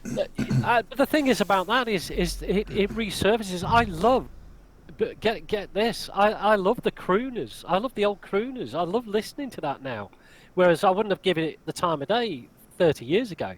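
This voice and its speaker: A man in his forties in casual conversation, chatty and animated as he tells stories. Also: high voice, normal speed. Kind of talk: casual chat.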